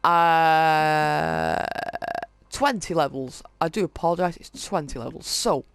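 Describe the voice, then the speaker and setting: A man hosting a gaming video, casually reading through a list of in-game items with many halting fillers. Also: fairly high pitch, lively intonation, no echo. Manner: reads off item lists, halting with frequent fillers. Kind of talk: casual game walkthrough commentary.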